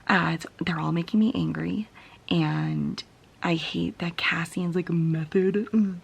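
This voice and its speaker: A woman's voice: on the low side, steady tone, a little slow, creaky, breathy edge. A young woman vlogging about a book she is reading, tired and venting in a frustrated, often whispered late-night rant. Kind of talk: casual reading vlog.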